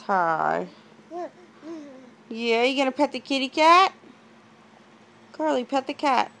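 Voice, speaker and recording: High sing-song woman doing baby talk. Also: unhurried, gravelly, long pauses, slight background noise. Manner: sing-song, gasping with excitement. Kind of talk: coaxing baby talk to a toddler and pets. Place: home, indoors.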